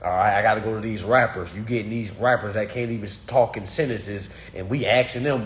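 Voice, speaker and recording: A man's voice: lowish voice, a little fast, hardly any pauses. A man giving a casual political rant, speaking emphatically and straight to his listeners. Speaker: commentator.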